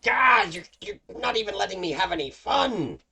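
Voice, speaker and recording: A man's voice: sits high, sing-song, moderate pace, creaky, bright, forceful tone, slightly rough, voice pushed up, exaggerated voice. A man doing a squealing, whiny little imp. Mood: whining. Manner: squealing, complaining. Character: whiny, petulant male imp, small and sly.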